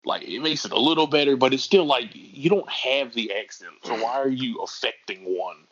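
A man's voice: medium pitch, normal speed, a bit bright, highs cut off. A man co-hosting a casual wrestling podcast, wry and critical, picking apart details. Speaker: podcast co-host.

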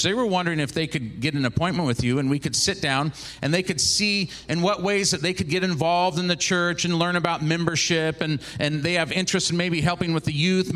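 A man in his forties from the Seattle area, a traveling minister telling a lively story in a sermon and acting out the people in it. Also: a little high. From Seattle, Washington area. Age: 40s. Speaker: traveling minister, former pastor.

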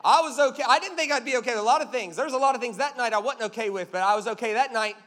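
A man's voice: very high voice, racing, a bit bright, big-room sound. A man preaching a sermon as a pastor, emphatic and punchy, telling stories with jokes.

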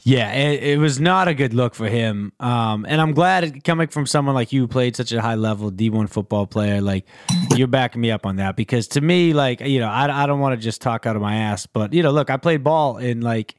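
Man, podcast host, casual sports talk, relaxed and rambling, dry close sound. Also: mid-range voice, brisk, no echo. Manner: relaxed, rambling, filler-heavy.

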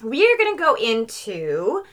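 A woman in her thirties co-hosting a podcast, chatting casually, bubbly and quick to laugh as she explains the topic. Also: a little high, wildly swooping pitch, fairly bright tone. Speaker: podcast co-host. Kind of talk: casual chat.

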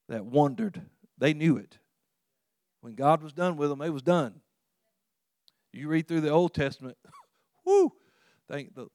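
A man preaching a sermon in a folksy, conversational way, chuckling now and then, getting loud for emphasis and going soft on tender points. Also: on the high side, no echo.

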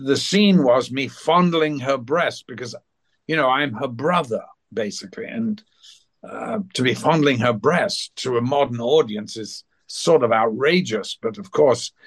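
An older man, an actor being interviewed, telling anecdotes at an unhurried pace and briefly acting out other people's voices. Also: mid-range voice, slightly rough. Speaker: actor guest. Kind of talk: anecdotal storytelling.

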